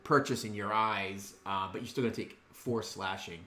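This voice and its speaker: A man's voice: on the low side, fairly even intonation, moderate pace, bright, forceful tone. Man running a tabletop game, easygoing, lots of ums, echoey room. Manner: laid-back, lots of ums and chuckles. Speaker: dungeon master.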